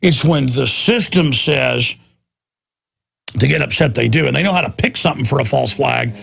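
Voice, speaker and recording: Gravelly, intense male talk radio host. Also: medium pitch, normal speed, a bit bright, a little hiss or hum. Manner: intense, combative, ranting. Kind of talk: political talk radio monologue.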